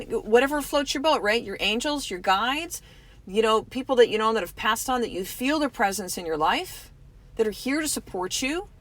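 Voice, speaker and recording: A woman's voice: fairly high pitch, fairly bright tone. A middle-aged woman from Canada hosting a motivational podcast, candid and emphatic, swearing freely and speaking straight to her listeners. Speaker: podcast host.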